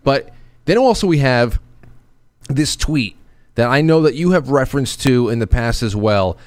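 A man hosting a talk show in casual chat, often halting and restarting his sentences. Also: mid-range voice, lively intonation, no room sound, clean studio sound. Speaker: podcast host.

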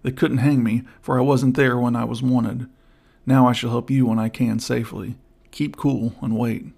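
A man reading the part of a gruff, gloomy old outlaw who offers hushed help. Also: medium pitch, level tone, normal speed. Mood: low urgent. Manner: rough, hushed, conspiratorial. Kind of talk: audiobook character voice.

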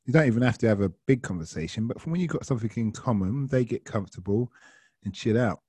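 A man's voice: medium pitch, lively intonation, fast talker, dark tone, breathy edge, dry recording. A man from South London with a London accent, a ride-hail driver telling a story in a casual, slangy way. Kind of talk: anecdotal storytelling.

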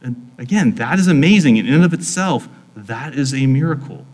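A man's voice: mid-range voice, lively intonation, moderate pace, a little mellow. Earnest male preacher in a reverberant hall. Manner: earnest, informal, frequent "like" fillers. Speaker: pastor. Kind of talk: conversational sermon.

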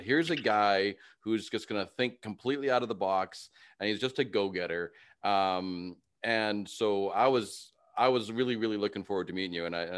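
A man hosting an interview, friendly and quick to laugh, asking long, winding questions. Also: on the low side, clear, resonant tone. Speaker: interview host. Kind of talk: casual interview.

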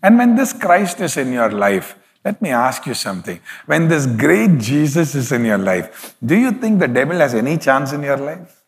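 A man's voice: mid-range voice, very animated, moderate pace. Emphatic male preacher in a reverberant hall. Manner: emphatic preaching with repeated hallelujahs. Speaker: pastor. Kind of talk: sermon.

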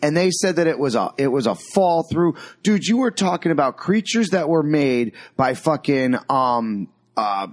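A man's voice: on the high side, expressive, normal speed, few pauses. A man co-hosting a podcast, crude and emphatic, swearing heavily. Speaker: podcast co-host. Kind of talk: casual podcast banter.

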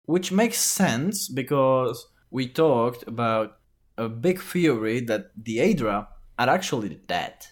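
Mid-pitched man chatting loosely about lore. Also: expressive, slow pace. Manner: loose and joking, filler-heavy. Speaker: podcast co-host. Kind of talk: casual lore discussion.

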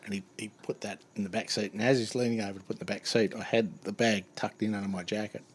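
A man's voice: fairly low pitch, fairly even intonation, quick pace, slightly rough. A man telling a funny work anecdote in a casual chat, acting out the other voices and laughing often. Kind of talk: casual storytelling.

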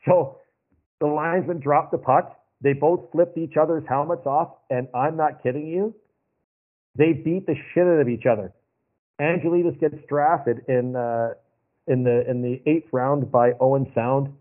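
A man's voice: a little high, steady tone, unhurried. Male guest, casual anecdotal storyteller, thin phone-line sound. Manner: rambling, anecdotal, repeats himself. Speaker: podcast guest.

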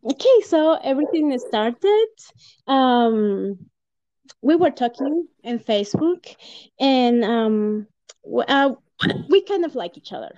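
A woman's voice: sits high, very animated, takes it slowly, no room sound, dull audio. A woman from Peru, a podcast guest, telling a personal story in casual chat with lots of fillers and laughs. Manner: warm storytelling, laughs often, many fillers. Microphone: home podcast mic.

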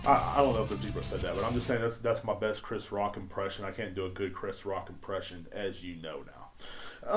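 A man's voice: fairly low pitch, brisk, soft background music. A man hosting a podcast in casual chat, rambling and laid-back, swearing often and leaning on fillers. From Texas. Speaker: podcast host.

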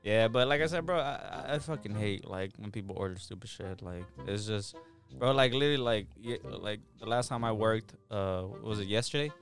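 A man's voice: on the low side, brisk, faint music behind. A man who works as a delivery driver, ranting in casual chat with coworkers and swearing a lot. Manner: profane, ranting.

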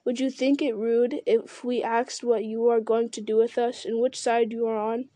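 A polite, earnest young male hobbit from a storybook, asking his questions carefully, as a woman reads him. The voice is fairly high and mellow, recorded dry. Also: little pitch movement, moderate pace, dry recording, natural voice.

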